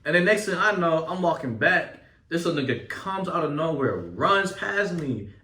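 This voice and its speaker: A young man casually telling a story from his school days, animated and full of profanity and street slang. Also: on the high side, brisk, distant mic. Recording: echoey room, off mic.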